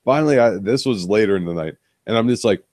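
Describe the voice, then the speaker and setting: Low-voiced, profane bartender co-host. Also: male voice, expressive, fast talker, darkish tone, dry recording. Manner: profane, exasperated storytelling. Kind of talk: casual chat.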